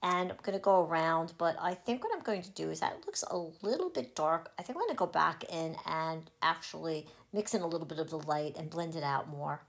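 A woman's voice: deep voice, animated, a little fast, few pauses. A woman hosting a craft tutorial, cheerfully talking viewers through each step. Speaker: crafting channel host.

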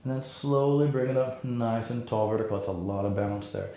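A man leading a yoga class, giving calm, encouraging cues and counting through the poses. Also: medium pitch, fairly quick. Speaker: yoga instructor. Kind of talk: guided yoga class instruction. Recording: very echoey room.

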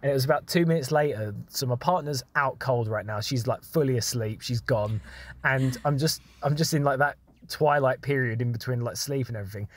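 A man's voice: mid-range voice, brisk. A man recounting a personal story, full of fillers and restarts. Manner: rambling, filler-heavy storytelling. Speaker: story contributor.

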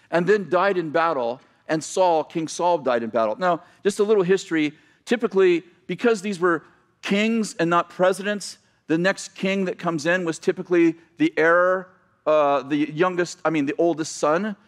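Male pastor, sermon, slightly raised pitch, loose storytelling with asides and self-corrections.

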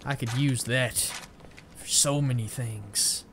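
A young man rambles through casual let's-play commentary on a shooter with game music behind, joking at his own expense and venting frustration. He talks slowly at medium pitch, a bit bright in tone, with slight background noise.

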